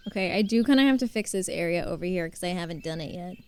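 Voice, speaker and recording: A woman's voice: on the low side, expressive, fast, a little mellow, smooth. A woman streaming a game live, chatting casually, laughing often and answering her chat as she plays.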